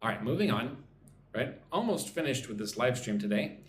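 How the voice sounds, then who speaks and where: A man teaching an English lesson on a live stream, talking slowly and checking in with "right?" after his points. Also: mid-range voice, sing-song, a little hiss or hum. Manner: slow, repeats points with frequent "right?". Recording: echoey room, faint ambience.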